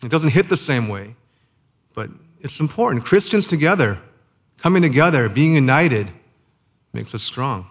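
A man preaching a sermon in a conversational way, asking the listeners rhetorical questions and slowing down to stress key phrases. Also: mid-range voice, lively intonation. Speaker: pastor.

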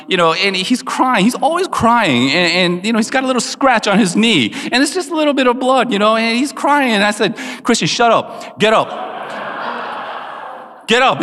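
Man in his forties, slightly high voice, animated self-mocking storyteller; long hall reverb. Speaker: speaker telling family stories. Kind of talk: humorous personal storytelling to an audience.

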